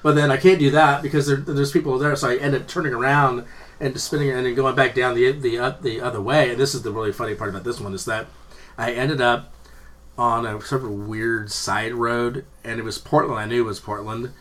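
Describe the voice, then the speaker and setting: A man's voice: mid-range voice, steady tone, fairly quick, fairly bright tone. A man in casual chat, telling rambling, profane stories with frequent laughter.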